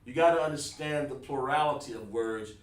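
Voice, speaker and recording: A man's voice: medium pitch, brisk. A man teaching a Hebrew counting class in a casual, informal way, often repeating himself and saying "man". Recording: roomy, distant mic.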